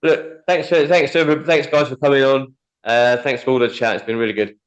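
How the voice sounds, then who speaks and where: Relaxed host on dull lo-fi audio. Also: male voice, mid-range voice, a little fast. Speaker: podcast host. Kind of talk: casual chat.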